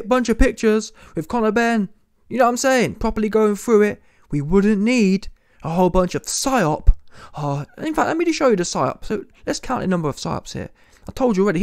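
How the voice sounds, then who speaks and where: A man's voice: high voice, dry recording, clean studio sound. A young man, giving an exasperated, sarcastic reaction commentary straight to his viewers. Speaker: boxing commentator.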